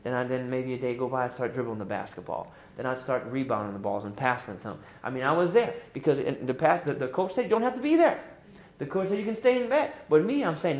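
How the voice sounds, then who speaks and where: A middle-aged man preaching a sermon as pastor, lively and emphatic, pushing up into high exclamations. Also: quick pace. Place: church sanctuary. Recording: echoey church room.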